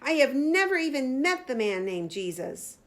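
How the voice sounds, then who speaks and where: A woman voicing Peter, a frightened, desperate grown man who pleads and shouts denials. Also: sits high, animated, takes it slowly, voice pushed up, full character voice. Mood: shouting.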